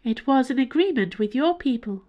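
Woman putting on a high-pitched, imperious alien envoy. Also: animated, normal speed, dull audio. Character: glowing red-skinned alien delegate, cold, imperious. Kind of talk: audiobook character voice.

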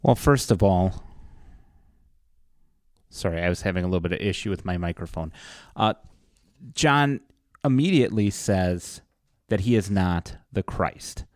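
A pastor co-hosting a casual Bible study discussion, explaining passages in a teacherly way. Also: male voice, sits low, measured pace, pauses often, dry recording, clean studio sound. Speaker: pastor co-host.

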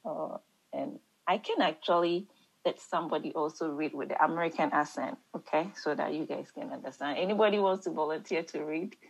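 A woman with an African accent leads a church Bible study discussion. She talks haltingly, repeating words and searching for the right ones, then reads scripture aloud. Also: deep voice, vocal fry, breathy edge, poor audio.

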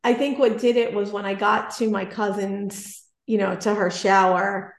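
Animated woman storyteller in an echoey room. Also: mid-range voice, a little slow. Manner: animated, self-deprecating, acts out dialogue. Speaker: guest telling a personal story. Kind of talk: conversational storytelling.

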